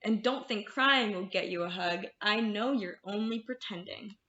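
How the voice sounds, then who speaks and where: A woman's voice: mid-range voice, normal speed, pushed and bright, reverberant, dull audio, lightly acted. A woman voicing a stern, bossy female character in a picture book who scolds firmly. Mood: scolding. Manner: firm, scolding, emphatic. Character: stern bossy female friend refusing hugs.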